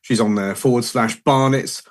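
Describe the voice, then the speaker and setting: A man co-hosting a chatty podcast at a steady middle pitch. He stumbles, restarts his sentences and keeps apologising. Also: normal speed. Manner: hesitant, apologetic, many restarts. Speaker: podcast co-host. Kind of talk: casual chat.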